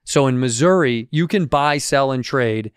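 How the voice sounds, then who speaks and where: A podcast co-host in casual chat, eager, with quick interjections and longer explanations. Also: male voice, medium pitch, clean tone, no room sound, clean studio sound.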